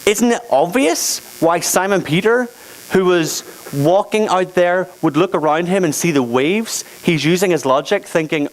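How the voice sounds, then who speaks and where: A man's voice: sits high, unhurried, low-quality recording. A man leading a playful, interactive Bible lesson with volunteers, speaking into a handheld microphone. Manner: playful, animated, laughing teacher directing a skit. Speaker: youth teacher.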